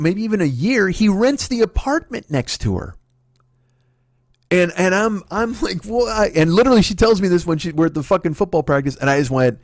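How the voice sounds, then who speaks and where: A man in his forties tells a long personal story on his podcast, swearing freely and getting worked up as he replays old arguments. His voice sits a little high for a man and comes across close and dry, with no room sound. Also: dry recording. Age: 40s. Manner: profane, exasperated, animated retelling with quoted dialogue. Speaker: podcast host. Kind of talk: comedic storytelling monologue.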